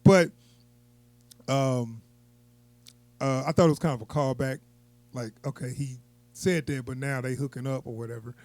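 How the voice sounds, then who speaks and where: A man's voice: medium pitch, steady tone, moderate pace, pauses often, a little mellow, dry recording. A man giving a casual, unscripted movie review, rambling and chuckling as he goes.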